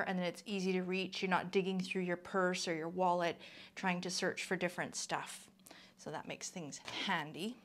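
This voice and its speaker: Chatty woman from Canada, lowish voice. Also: a bit bright, a little hiss or hum. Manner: chatty, with many ums and asides. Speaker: vlogger. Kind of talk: casual product review.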